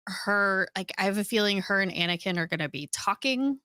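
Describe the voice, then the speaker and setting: Bright-voiced excited woman. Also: mid-range voice, no echo, clean studio sound. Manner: excited, halting with restarts. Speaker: podcast co-host. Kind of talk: casual podcast chat.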